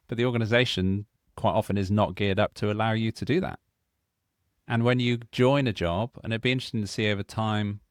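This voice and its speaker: A British man on a podcast, speaking confidently as he advises on work habits. His voice sits low. The recording is dry and close. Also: no echo. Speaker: podcast co-host, productivity trainer. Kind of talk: conversational podcast discussion.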